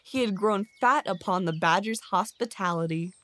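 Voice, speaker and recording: A woman narrating a bedtime story in a slow, soothing way. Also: medium pitch, fairly bright tone.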